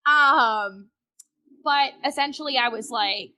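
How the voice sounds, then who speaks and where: Bright, animated woman telling her story. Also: sits high, takes it slowly. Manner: frank and animated, swears freely. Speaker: podcast guest. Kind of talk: candid storytelling in conversation.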